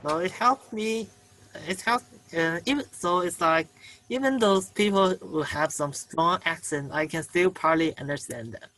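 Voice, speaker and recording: Halting Chinese-accented male student. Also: sits high, pushed and bright, poor audio. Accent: Mandarin Chinese. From China. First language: Mandarin Chinese. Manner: halting, searching for words. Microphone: video call.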